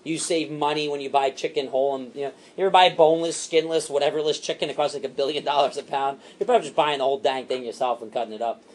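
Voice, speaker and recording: A man training a sales team, animated and repetitive, acting out what to say to customers. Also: a little high. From Italian heritage. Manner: animated, fast and repetitive, acts out customer lines.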